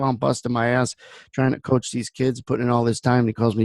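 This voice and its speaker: A man's voice: medium pitch, flat delivery, fast, darkish tone, no echo. A man hosting a trading room, giving blunt market commentary that wanders into personal stories. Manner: blunt, rambling storyteller.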